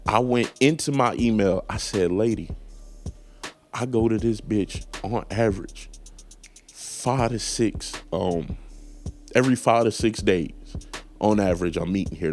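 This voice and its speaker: Animated man telling a story over music. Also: on the low side. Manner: animated, acts out phone calls in put-on voices. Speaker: podcast host. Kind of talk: casual comedic storytelling.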